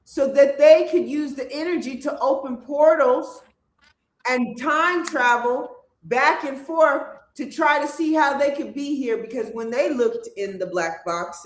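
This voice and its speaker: A livestream host giving an emphatic, preachy spiritual monologue that builds to loud declarations. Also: high-pitched, a little slow. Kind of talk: spiritual talk show monologue. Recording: echoey room with faint background noise.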